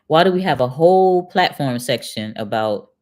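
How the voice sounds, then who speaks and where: A woman's voice: sits low, animated, moderate pace, a little mellow. A middle-aged woman hosting a casual commentary, reading passages aloud and then answering them with pointed, conversational questions to her viewers. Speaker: channel host and retired accountant.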